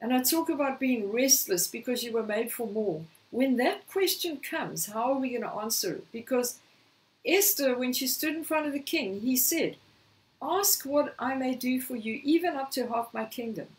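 A woman preaching a sermon, slightly hoarse, telling a scripture story and acting out the quoted lines. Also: high-pitched, lively intonation, moderate pace, far from the mic, poor audio. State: slightly hoarse, clearing throat.

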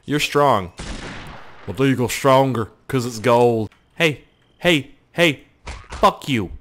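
With a mid-range voice and a slow pace, a young Canadian gaming YouTuber talks through his gameplay over a faint hiss or hum. His style is crude and jokey, loaded with swearing and lively outbursts.

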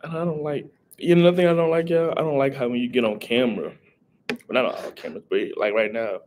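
A man's voice: mid-range voice, fairly even intonation, quick pace, a little mellow, a little hiss or hum. A young man, rambling casually on a live stream and greeting viewers in chat. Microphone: headset.

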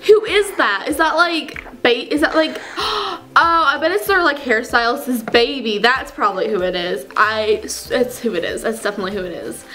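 A young woman acting out a clueless teenage fangirl who rambles breathlessly about her crushes, gasping and gushing at every turn. Her voice sits a little high, and faint music plays underneath. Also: normal speed, hardly any pauses, sharp tone, rough recording. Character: gushing, clueless teenage girl fake fan. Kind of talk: comedy sketch character.

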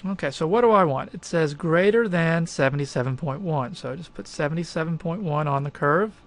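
A man's voice: fairly high pitch, fairly quick. A man teaching statistics, walking through a problem step by step in a conversational, emphatic way. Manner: conversational, emphatic, thinks aloud with fillers. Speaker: math instructor. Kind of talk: recorded lecture walkthrough.

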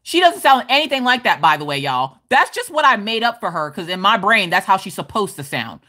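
A woman hosting a casual crafting livestream from her desk at home, reading out viewer comments in a loud, bawdy, joking way and laughing often. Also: medium pitch, sing-song, fairly quick. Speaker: livestream host.

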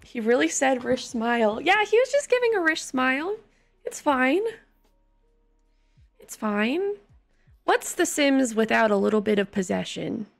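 A young woman casually commenting on a life-sim game she plays, her voice hoarse and congested, breaking into loud squeals of alarm now and then. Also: sits high, sing-song, unhurried, long pauses. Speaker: gaming streamer. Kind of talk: casual let's-play commentary. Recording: faint game music behind.

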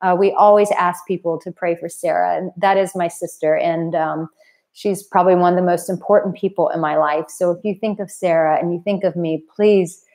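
A woman's voice: lowish voice, steady tone, normal speed, darkish tone. A woman in her thirties or forties hosting a live stream as a dating coach, talking earnestly and from the heart to her viewers. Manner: earnest, heartfelt, emotional at times. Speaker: dating coach and channel host.

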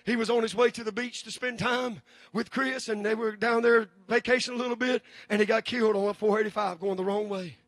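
A man preaching a sermon, building to shouted, drawn-out peaks and then dropping low and quiet. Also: steady tone, dry recording. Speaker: pastor.

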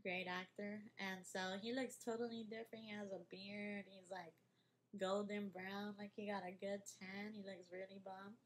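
A woman's voice: medium pitch, little pitch movement, normal speed, slight background noise. A young woman rambling through an unscripted film review vlog, stopping to correct herself and laughing often. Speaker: vlogger. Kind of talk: unscripted casual commentary.

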